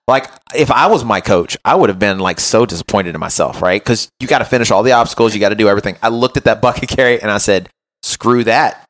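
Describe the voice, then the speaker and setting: A man hosting a podcast as a run coach, telling an animated, self-mocking story in casual chat and often checking in with "right?". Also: lowish voice, fast, hardly any pauses.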